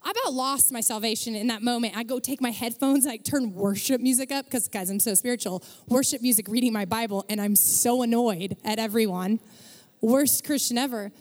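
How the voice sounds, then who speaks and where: A woman's voice: a little high, brisk, darkish tone. A young woman preaching a casual storytelling sermon, chatty and self-deprecating, with lots of filler words. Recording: long reverb of a large hall.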